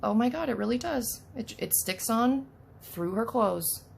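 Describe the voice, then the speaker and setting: A woman's voice: on the high side, animated, a little slow, creaky, slight background noise. A woman hosting a casual unboxing video, chatty and self-deprecating, talking to the doll as she works. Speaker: unboxing vlogger.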